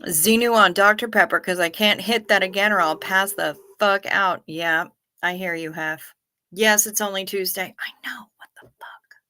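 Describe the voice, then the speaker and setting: A woman's voice: medium pitch, moderate pace, pushed and bright. A middle-aged woman, hosting a late-night livestream, tired and yawning as she chats casually with viewers and reads their comments. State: sleepy. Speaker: livestream host.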